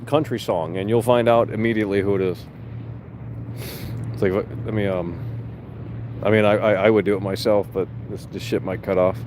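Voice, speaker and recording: Young male streamer, low-ish voice, loose sarcastic rambling delivery full of swearing; faint car noise behind. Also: moderate pace, a little mellow. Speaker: livestream host. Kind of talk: casual livestream chat reading viewer comments.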